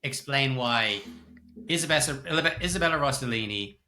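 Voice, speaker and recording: Bright-voiced middle-aged man chatting films. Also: medium pitch, animated, normal speed, faint music behind. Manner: chatty, laughs often, swears casually. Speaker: podcast co-host. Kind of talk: casual film review chat.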